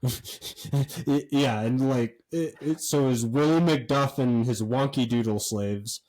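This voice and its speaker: A man co-hosting a podcast, telling a story in a rambling, animated way with lots of fillers and swearing. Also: mid-range voice, slow pace, poor audio. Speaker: podcast co-host. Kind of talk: casual chat.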